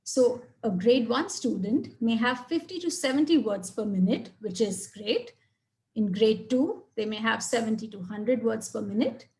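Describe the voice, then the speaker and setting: A woman presenting a webinar on reading fluency, explaining in a clear, measured way and stressing words in her example sentences. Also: on the high side, expressive, darkish tone. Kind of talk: webinar lecture.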